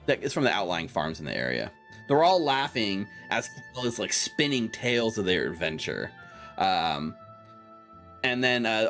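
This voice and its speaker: A man's voice: fairly low pitch, a bit bright. A man narrating a tabletop game as game master, in a casual way full of "like" and fillers.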